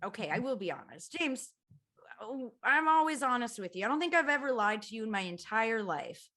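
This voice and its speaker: A Canadian woman talking over a video call, her voice pitched a touch high and swinging widely as she jokes about herself. She laughs often and jumps between teasing and mock panic. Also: a little fast. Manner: animated, laughing, self-mocking. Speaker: guest. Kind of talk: casual comedic chat on a video call.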